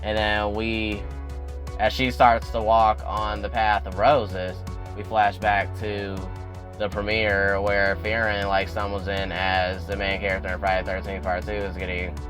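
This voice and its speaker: A young man casually recapping a TV episode, addressing viewers directly and getting animated as he goes. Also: unhurried, over music. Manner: animated, addresses viewers as y'all, swings up in pitch when excited. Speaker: YouTube recap host.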